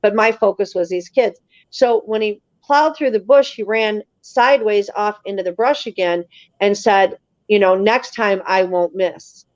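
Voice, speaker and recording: An animated woman guest recounts a tense story in a casual, emphatic way, often slipping into the voices of those involved. Her voice sits at an ordinary middle pitch. The audio is dull and lo-fi with a dry, close sound. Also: normal speed, no echo. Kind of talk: casual spoken storytelling on a live show.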